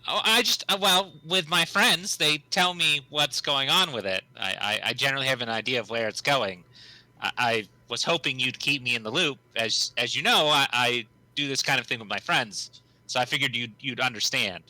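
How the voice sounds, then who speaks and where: A man's voice: mid-range voice, normal speed, bright, forceful tone, no room sound, low-quality recording. A man voicing Gick, an earnest and flustered young male watch recruit, stammering and repeating his words.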